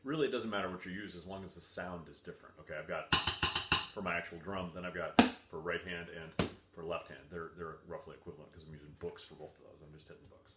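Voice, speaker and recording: A man's voice: low voice, steady tone, fast talker, roomy sound, over loud music. A man teaching percussion from home, patiently repeating instructions and counting beats aloud. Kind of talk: home video music lesson for children. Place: room at home. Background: faint drumming on a table and books.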